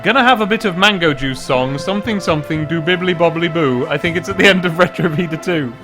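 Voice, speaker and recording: A man chatting while streaming a game, excitable and given to humming and scatting tunes, a bit stuffy from hay fever. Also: on the high side, quick pace, music in the background. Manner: chatty, hums and scats tunes, excitable outbursts. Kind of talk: casual let's play commentary.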